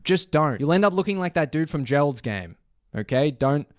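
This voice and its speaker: A man narrating a commentary video essay in a sarcastic, exasperated way, his voice jumping high and dropping low. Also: lively intonation, normal speed, dry recording, studio quality.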